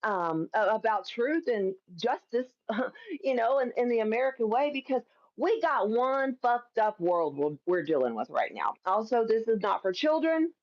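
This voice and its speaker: A woman's voice: on the high side, sing-song, normal speed, darkish tone, dull audio. A woman from Kentucky hosting a casual political live stream, chatty and emphatic, laughing often and swearing freely. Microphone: phone or camera on a live stream.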